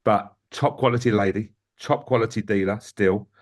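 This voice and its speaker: A man, a football manager, telling lively stories in an interview and often addressing the host by name. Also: lowish voice, normal speed. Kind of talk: anecdotal interview storytelling.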